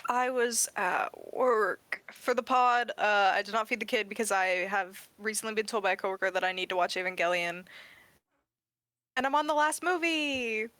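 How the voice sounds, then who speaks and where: A woman's voice: mid-range voice, normal speed, fairly bright tone, no echo. A woman co-hosting a podcast in casual chat, laid-back with short replies. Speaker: podcast co-host.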